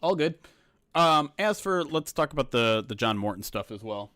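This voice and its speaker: A man's voice: medium pitch, lively intonation, moderate pace, a bit bright, no room sound. A man hosting a livestream as a sports reporter, rambling casually with loose swearing.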